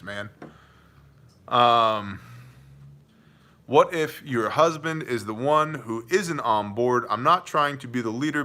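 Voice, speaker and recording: A man's voice: mid-range voice, pushed and bright. A man hosting a live viewer Q&A, joking and chummy, calling chatters "man" and "brother". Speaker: livestream host answering viewer questions. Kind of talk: casual live Q&A chat.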